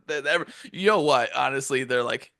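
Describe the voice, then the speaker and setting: A man's voice: mid-range voice, moderate pace, bright, forceful tone, dry recording, clean studio sound. A young man co-hosting a casual podcast, laughing often, swearing, and acting out characters in exaggerated voices. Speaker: podcast co-host. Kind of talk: casual chat.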